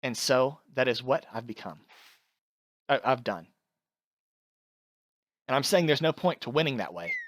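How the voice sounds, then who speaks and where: A woman's voice: rumbling low, lively intonation, unhurried, pauses often, no echo, studio quality, heavily acted. A woman voicing an earnest, stubborn, competitive girl who talks directly and insistently, over background music.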